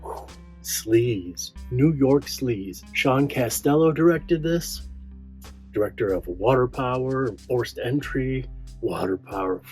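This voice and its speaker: A man's voice: medium pitch, takes it slowly, a little mellow, soft background music. A man casually introducing an old film, chatty and rambling. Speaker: film show host.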